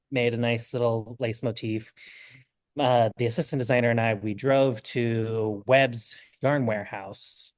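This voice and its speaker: A young adult man, a knitting designer telling an animated story in a casual interview, acting out the quotes. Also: medium pitch, no room sound, studio quality. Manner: animated, acts out quotes with lots of "I'm like".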